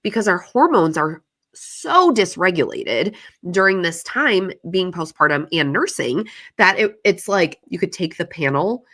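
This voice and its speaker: A woman's voice: lowish voice, lively intonation, measured pace, fairly bright tone. A woman hosting a podcast, telling her story in a casual, confessional way, swearing freely and using lots of "like" fillers. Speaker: podcast host. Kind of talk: candid solo podcast monologue.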